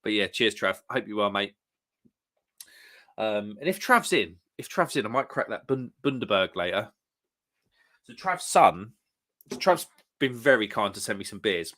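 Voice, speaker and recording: A man's voice: lowish voice, sing-song, normal speed, long pauses, fairly bright tone. A British man hosting a casual live stream, chatting easily and reading out viewers' comments. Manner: chatty, reads out viewers' comments, chuckles often.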